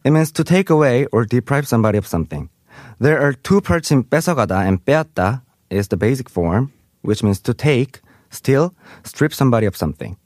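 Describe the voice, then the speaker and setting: A man's voice: mid-range voice, darkish tone, no room sound, clean studio sound. A man teaching Korean vocabulary in English. He reads example sentences aloud and translates each one. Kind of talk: explaining vocabulary.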